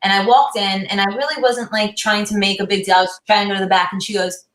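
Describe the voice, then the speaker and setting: A woman's voice: mid-range voice, fairly even intonation, quick pace, fairly bright tone. Earnest woman boxer in an echoey room. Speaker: guest boxer. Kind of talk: casual storytelling. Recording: roomy echo.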